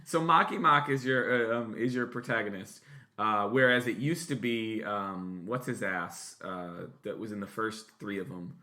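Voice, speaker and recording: A man's voice: on the low side, fairly even intonation, moderate pace, pushed and bright. A man in his late thirties co-hosting a podcast, chatting casually and rambling with many fillers, restarts and casual swearing. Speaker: podcast co-host. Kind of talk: casual chat.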